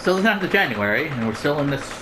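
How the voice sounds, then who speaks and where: A woman's voice: sits low, big pitch swings, fast, noisy background. A woman reading game dialogue and commenting casually, self-mocking and hesitant. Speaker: gaming streamer.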